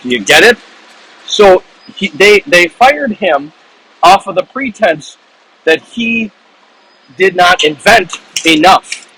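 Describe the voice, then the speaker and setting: A man, an author, casually retelling the plot of his own book in animated, rambling storytelling full of restarts. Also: high voice, slow pace, long pauses, a little hiss or hum, low-quality recording.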